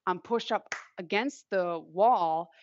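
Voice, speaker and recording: A woman's voice: medium pitch, slow pace, darkish tone, slight background noise. A young woman from Long Island telling a personal story in a casual, chatty way, filling her sentences with "like.". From Long Island, New York. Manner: chatty, heavy use of "like" fillers. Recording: dull, lo-fi, dry recording.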